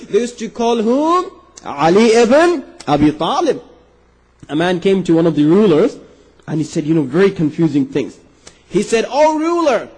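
A man's voice: slightly rough, poor audio. A man preaching a sermon to an audience, telling a story and acting out its dialogue with rising, emphatic delivery. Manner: animated, acts out the dialogue with rising pitch for emphasis.

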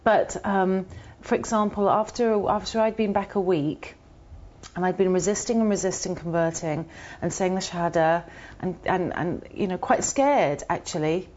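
A woman being interviewed, telling a personal story in an earnest, halting way with many restarts. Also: on the low side, darkish tone. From United Kingdom. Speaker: interview guest. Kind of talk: reflective personal account. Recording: muffled, dull audio.

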